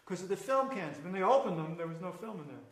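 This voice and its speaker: Older American man, excitable storyteller, high voice, echoey room. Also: fast. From United States. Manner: excited, acts out quoted voices. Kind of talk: casual storytelling conversation.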